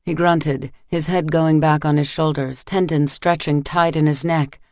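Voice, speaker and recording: Male audiobook narrator, gravelly, dry close-mic studio read. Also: a little high, steady tone, a little slow, darkish tone, dry recording. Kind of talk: scripted narration.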